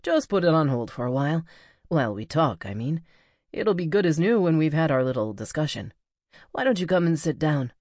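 A woman's voice: sits low, big pitch swings, fairly quick, darkish tone, no echo, clean studio sound. A woman voicing a cheerful young male coyote spirit in human form, who talks in an easygoing, amiable way.

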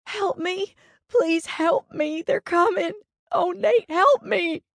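A panicked woman sobs and begs, her voice pitched far above normal and strained loud, as a narrator puts her on. The delivery stays frantic and breathless throughout, like a storybook heroine on the run. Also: slow pace, gravelly, no room sound, studio quality, exaggerated voice. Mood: frantic pleading. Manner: frantic, pleading, sobbing. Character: terrified sobbing woman fleeing danger.

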